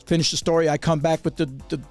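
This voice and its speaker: A man hosting a podcast as a DJ, relaxed, steering the chat with prompts. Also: a little high, quick pace, soft background music. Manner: relaxed, guides the talk with prompts. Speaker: podcast host, DJ.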